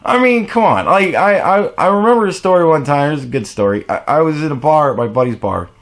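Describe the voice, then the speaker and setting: Gravelly man ranting profanely. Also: fairly high pitch, expressive, moderate pace, fairly bright tone. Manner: profane, exasperated, blunt. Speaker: vlogger. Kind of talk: ranting monologue to camera.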